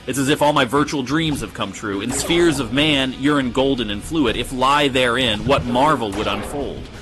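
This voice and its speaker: A man's voice: mid-range voice, moderate pace, over music, lightly acted. A synthetic male voice playing a snide AI poet bot. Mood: mock-grand. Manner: pompous, sarcastic, theatrical recitation. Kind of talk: synthetic chatbot voice reading viewer prompts.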